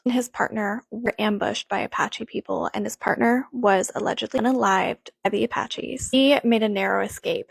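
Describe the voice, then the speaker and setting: A woman's voice: a little high, vocal fry, breathy edge, no echo, low-quality recording. A woman narrating a scary story in a matter-of-fact, chatty way.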